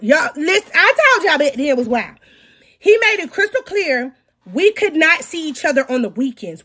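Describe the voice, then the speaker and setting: A woman in her thirties, casually telling a story to her audience, animated, with her voice swinging from low mutters to loud outbursts. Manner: talks to her audience directly. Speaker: storytelling podcast host.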